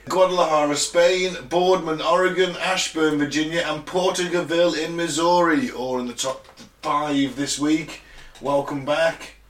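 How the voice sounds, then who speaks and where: A British man with a fairly high, somewhat bright voice and fairly even intonation speaks unhurriedly, in a recording with a roomy echo. Co-hosting a casual podcast in British English, he jokes, swears, and laughs often while reading out listener towns and telling a story.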